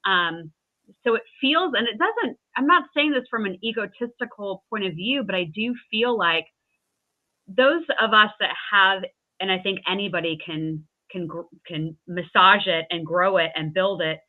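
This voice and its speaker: A woman's voice: medium pitch, normal speed. Earnest woman host over tinny call audio. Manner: thoughtful, earnest, some restarts. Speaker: podcast host. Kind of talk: casual interview chat.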